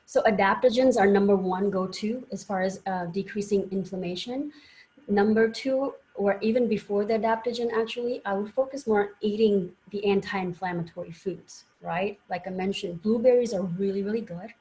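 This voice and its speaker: A woman's voice: medium pitch, normal speed, a little mellow, rough recording. A woman doctor giving a conference presentation, telling personal stories in an earnest way with frequent fillers. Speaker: doctor and guest speaker.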